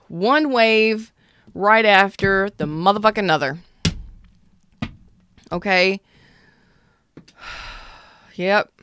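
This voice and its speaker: A woman's voice: medium pitch, extremely slow, pauses often, a bit bright, a little hiss or hum. A woman in her thirties giving a casual tarot reading, blunt and emphatic, swearing freely. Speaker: tarot reader.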